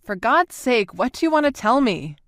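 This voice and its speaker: A woman's voice: mid-range voice, animated, fairly quick, no echo, studio quality, pitched above the performer's own voice, natural voice. A woman voicing a tough female soldier who speaks curtly, in an audiobook.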